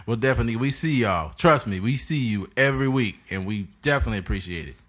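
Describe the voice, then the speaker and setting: A man's voice: mid-range voice, expressive, fast talker, fairly bright tone. A man, hosting a podcast and telling a crude story in casual chat, laughing often. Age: 30s. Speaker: podcast host.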